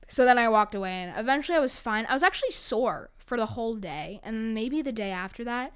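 A woman's voice: fairly high pitch, fast, a bit bright, clean tone. A young woman from New York telling personal stories in a chatty, dramatic way, with frequent laughs and lots of "like" fillers. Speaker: storyteller. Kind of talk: casual storytelling monologue.

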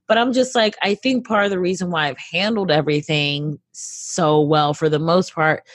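A woman's voice: low-pitched, moderate pace, hardly any pauses, no echo, studio quality. A woman comedian talking casually in a podcast interview, rambling with lots of fillers and acting out little quotes. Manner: rambling, filler-heavy, animated quoting. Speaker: comedian guest.

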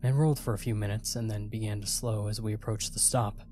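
A man's voice: on the low side, fairly even intonation, fast talker, dark tone, slight background noise. A man narrating a first-person horror story in a tense, dramatic way.

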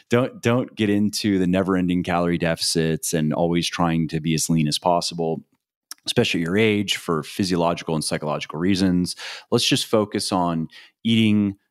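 A man hosting a podcast, talking in a relaxed, hesitant way with many fillers. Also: low-pitched, normal speed, no echo, studio quality. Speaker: podcast host. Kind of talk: podcast conversation.

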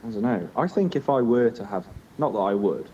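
A man's voice: mid-range voice, expressive, brisk, dark tone, recorded from a distance, highs cut off, slight background noise. A young man co-hosting a podcast, chatting casually with crude, teasing banter. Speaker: podcast co-host. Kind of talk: casual chat.

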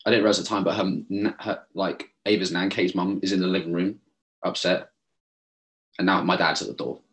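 A young man telling a long story in casual chat, animated and swearing, mimicking others as he goes. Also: sits low, a little fast. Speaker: podcast co-host.

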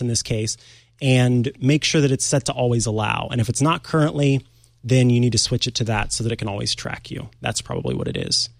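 A man hosting a tech show, chatty and playful, demonstrating things live with quick asides. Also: medium pitch, no room sound, clean studio sound. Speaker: host. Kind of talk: casual tech show chat.

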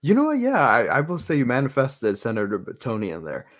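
A man co-hosting a podcast in casual chat, animated and acting out quotes in voices. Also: medium pitch, fairly quick. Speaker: podcast co-host.

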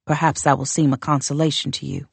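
A woman voicing a proud northern warrior queen who speaks in a measured, formal and quietly contemptuous way. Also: low-pitched, flat delivery, vocal fry, slightly rough, dry recording, heavily acted. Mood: cold, demanding. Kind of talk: audiobook character reading.

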